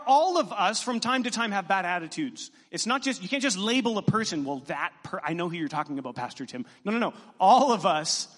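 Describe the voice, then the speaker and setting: A man, a pastor, preaching a sermon to his congregation with animated, joking asides. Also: high voice. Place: church sanctuary. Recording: long reverb in a church hall.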